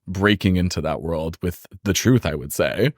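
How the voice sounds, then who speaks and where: Low-voiced sarcastic male co-host. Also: normal speed, no room sound. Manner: dry, sarcastic teasing. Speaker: podcast co-host. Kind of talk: casual chat.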